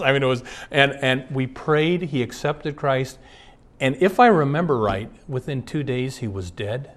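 A man's voice: medium pitch, moderate pace. A man, a pastor, giving an earnest sermon built around personal stories, reading passages aloud and then recounting anecdotes from his ministry. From Twin Cities area.

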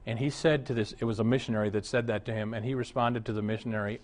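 A man's voice: fairly low pitch, fast talker, few pauses. A man, a pastor, preaching a sermon full of anecdotes, mixing humor with exhortation. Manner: animated storytelling, mixes humor with exhortation.

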